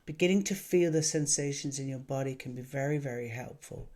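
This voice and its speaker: A man who works as an emotional wellness coach, talking to camera in a gentle, earnest way with many pauses. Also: medium pitch. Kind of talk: calm reflective monologue to camera.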